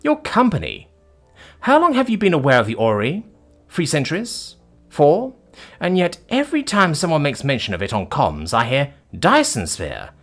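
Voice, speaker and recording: Brief: male narrator playing a gleeful, smug woman executive, high and very lively, mocking everyone. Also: full character voice. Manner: sarcastic, theatrical, gleeful. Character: brash witty female ex-CEO, mocking captors. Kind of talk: audiobook character voice.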